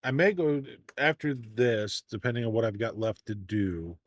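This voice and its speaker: Lively, joking male game streamer. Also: fairly low pitch, moderate pace, dry recording. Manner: playful, jokey, self-mocking. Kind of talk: live gameplay commentary.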